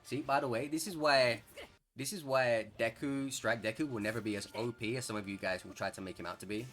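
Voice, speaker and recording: A young man with an English accent giving chatty, excitable gameplay commentary, rambling and correcting himself as he plays. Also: medium pitch, brisk, faint music behind. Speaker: gaming streamer.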